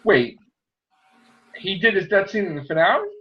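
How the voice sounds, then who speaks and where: A somewhat high-voiced man talks on a fan podcast with a lively, swooping delivery, exclaiming and laughing often. His voice comes through dull and lo-fi, as if from a cheap mic. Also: moderate pace. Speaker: podcast co-host. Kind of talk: casual fan podcast chat. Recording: dull lo-fi sound.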